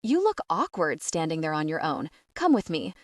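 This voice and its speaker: A woman voicing a pompous, smooth-talking male property developer in an audiobook. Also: sits low, big pitch swings, moderate pace, dry recording, clean studio sound, recorded from a distance. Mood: showy. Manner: showy, salesman-like.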